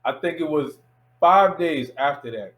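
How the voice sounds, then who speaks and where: A man's voice: a little high, a little slow. A young man from Miami, a filmmaker, telling a story as an interview guest, acting out the people in it. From Miami, United States. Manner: animated storyteller acting out quotes.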